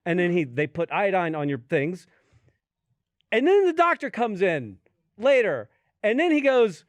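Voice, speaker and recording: A man's voice: high voice, brisk, no echo. A man co-hosting a podcast, telling a profane comedic story in a casual chat and acting out the people in it. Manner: animated, profane, acts out the people in his story. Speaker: podcast co-host. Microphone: studio podcast mic.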